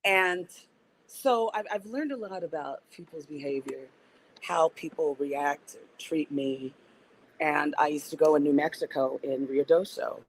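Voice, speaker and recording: A woman with a low voice speaks a little slowly on a podcast, where she's a guest who works as an organizer and activist. In this casual interview conversation she reflects aloud, restarting sentences as she thinks. The recording is rough, with slight background noise.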